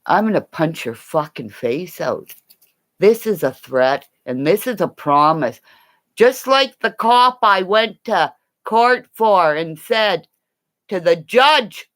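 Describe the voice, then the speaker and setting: A woman ranting in a rambling, profane livestream, swinging between low growling threats and high shouting. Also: expressive, takes it slowly.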